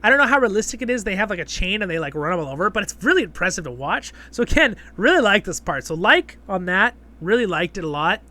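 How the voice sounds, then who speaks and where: A man's voice: high-pitched, sing-song, fast, hardly any pauses, pushed and bright. A man hosting his channel, casually recapping and reviewing a fantasy episode, rambling and often checking in with "right?". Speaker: show reviewer and channel host.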